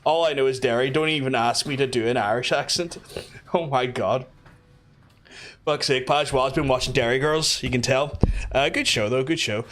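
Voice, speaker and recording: A man's voice: medium pitch, moderate pace, fairly bright tone, slight background noise. A man with a Belfast accent chatting casually while streaming a game, rambling and swearing with many fillers and restarts.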